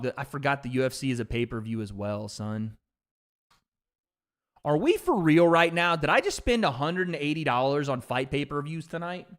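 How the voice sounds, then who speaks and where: Male streamer, lively pitch, unhurried, slangy, excitable. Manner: excitable, slangy, outbursts of frustration. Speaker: livestream host. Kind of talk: casual livestream chat.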